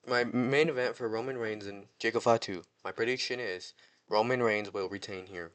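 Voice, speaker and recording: A man giving casual predictions in an excitable, slangy, rambling way, often restarting his sentences. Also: fairly low pitch, normal speed. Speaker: wrestling fan vlogger.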